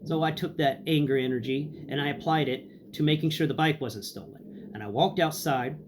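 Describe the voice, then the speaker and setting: A man's voice: a little high, normal speed, a little hiss or hum. A young man casually telling a dramatic personal story, acting out what people said. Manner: animated, dramatic, acts out dialogue. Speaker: host, storyteller.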